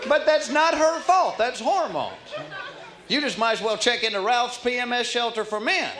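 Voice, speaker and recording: Man, stand-up comic, high lively voice, roomy live club recording, crowd laughing. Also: normal speed, noisy background. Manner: folksy, drawling storyteller. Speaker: stand-up comedian. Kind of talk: stand-up routine. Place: comedy club stage. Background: audience laughter.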